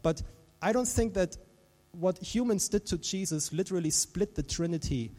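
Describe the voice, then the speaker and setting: Animated male preacher in a reverberant hall. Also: sits high, moderate pace, soft background music. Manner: animated, swings from hushed to loud. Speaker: pastor. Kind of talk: sermon.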